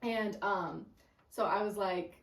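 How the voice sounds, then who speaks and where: A woman's voice: mid-range voice, slow, a crowd in the background. A young woman in her twenties co-hosting a podcast, chatting casually, laughing often and saying "like" a lot. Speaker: podcast co-host. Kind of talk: casual chat. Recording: roomy echo, voice a bit distant, faint noise.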